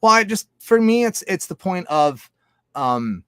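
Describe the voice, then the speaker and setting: A man talking in a loose, profane, rambling monologue, jumping between loud outbursts and low mutters. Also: very animated, measured pace, clear, resonant tone, no echo, clean studio sound. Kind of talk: casual monologue.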